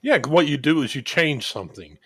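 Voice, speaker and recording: A man's voice: on the high side, expressive, brisk, a bit bright, slightly rough, no echo. A man hosting a recovery chat, explaining ideas at length while he thinks aloud. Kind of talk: casual recovery group chat.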